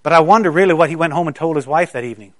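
Higher-pitched man preaching from South Carolina. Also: very fast, a bit bright, dry recording. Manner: conversational storytelling, stammering restarts. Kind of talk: sermon.

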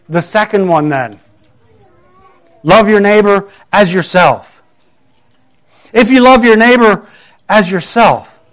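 A man's voice: sits high, a bit bright. A middle-aged man preaching a conversational sermon, earnest and full of rhetorical questions.

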